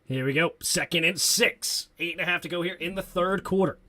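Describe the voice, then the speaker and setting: Brief: male live-stream host, high bright voice, excitable play-by-play. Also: fairly quick. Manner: excitable, reads chat comments aloud. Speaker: host of a sports talk stream. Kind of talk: live play-by-play and fan commentary.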